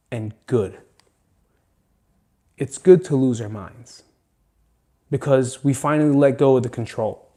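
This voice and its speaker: Here the solo podcast host has a mid-range, warm voice, a measured pace, and long pauses. He's earnest and emphatic, swears frequently, and sounds almost tearful in this emotional monologue.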